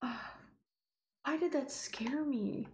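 A woman's voice: sits high, takes it slowly, reverberant. A young woman streaming a horror game, chatting with viewers and shrieking at the scares. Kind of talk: live game commentary.

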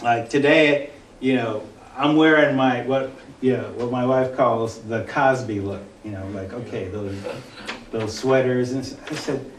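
A male college instructor giving a conversational classroom lecture, halting often with fillers and restarts. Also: mid-range voice, slight background noise. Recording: roomy classroom from a distant mic.

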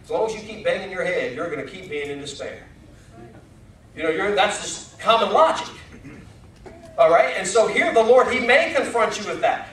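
Male pastor, high voice, chatty sermon style, echoey sanctuary recording. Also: lively intonation, moderate pace, a bit bright, a little hiss or hum. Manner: conversational, folksy, with rising emphatic questions. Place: church sanctuary. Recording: echoey church from far off.

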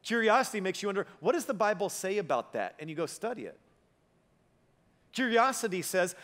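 A man's voice: sits high, very animated, fairly quick, a bit bright. A male pastor giving a sermon, conversational and joking with his audience. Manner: humorous, conversational preaching with audience asides. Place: church auditorium. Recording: long reverb of a church hall.

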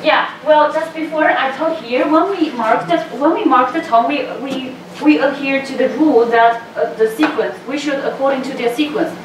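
A woman's voice: sits high, normal speed, hardly any pauses. A woman teaching a language class, patiently explaining step by step and modeling the sounds for her students. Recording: echoey room from a distance, faint noise.

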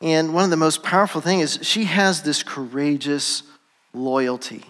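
A male pastor giving a sermon, telling the story in a relaxed, conversational way and briefly acting out the voices of its characters. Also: a little high, measured pace, in a large hall. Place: church sanctuary.

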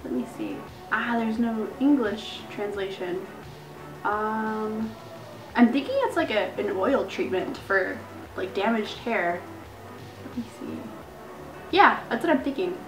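A young woman vlogger chatting casually as she unboxes beauty gifts, gushing and excited. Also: mid-range voice, slow. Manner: bubbly, gushing, lots of "like" and "so cool". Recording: echoey room with faint music.

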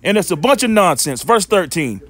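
A man with a high voice preaches in a loose, scornful way, repeating himself and stumbling as he goes. His pitch swings widely from line to line. He stops now and then to read scripture aloud. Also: very animated, moderate pace, fairly bright tone, breathy edge, dry recording. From Western North Carolina. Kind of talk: informal preaching and scripture reading.

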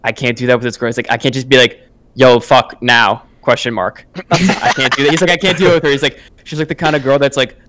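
A man's voice: medium pitch, steady tone, fast, background noise. A young man co-hosting a podcast, telling a long story in casual chat with lots of filler words and slang. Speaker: podcast co-host.

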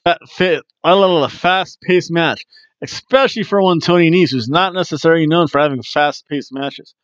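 A man's voice: a little high, moderate pace, no echo, highs cut off. Jokey man rambling through a wrestling recap. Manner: jokey, breaks into chants and sing-song bits. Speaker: podcast host reviewing wrestling.

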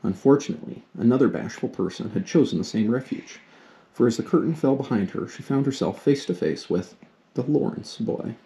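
A man reading a classic novel aloud to his daughter in a steady, unhurried storytelling manner. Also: medium pitch.

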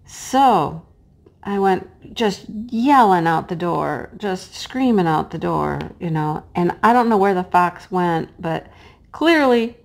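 Middle-aged female crafter, hoarse and cracking, chatty and homey, talks slowly while she works. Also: lowish voice, lively intonation. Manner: chatty and homey, drops to a hush while placing pieces. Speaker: crafting vlogger and teacher. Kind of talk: casual chat while diamond painting.

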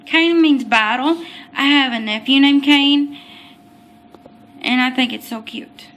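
A woman's voice: high voice, slow, fairly bright tone. A young adult woman vlogging in a casual, chatty way about baby names, often apologizing and getting tongue-tied. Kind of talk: casual baby-name vlog.

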